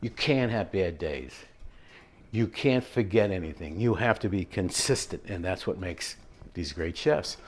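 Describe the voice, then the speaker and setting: A man hosting a home cooking show, chatting in a rambling, relaxed way as he tells stories while he cooks. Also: low voice, unhurried. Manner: relaxed, mellow. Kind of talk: casual cooking demonstration with anecdotes.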